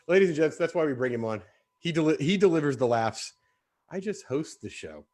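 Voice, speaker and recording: A man hosting a live online show, upbeat and jokey, bantering quickly with his co-host. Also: fairly high pitch, huge pitch swings, a little mellow.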